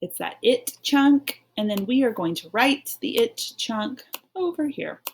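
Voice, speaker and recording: A woman's voice: a little high, expressive, a little slow, a little hiss or hum. A woman teaching an online phonics lesson, reading a poem aloud and guiding children through it in a patient, encouraging way.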